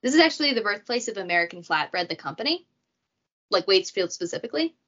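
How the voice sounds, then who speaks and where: A woman's voice: mid-range voice, big pitch swings, quick pace, fairly bright tone. A woman hosting a casual true crime podcast, chatty and jokey, with asides. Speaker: podcast host. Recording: dull lo-fi audio.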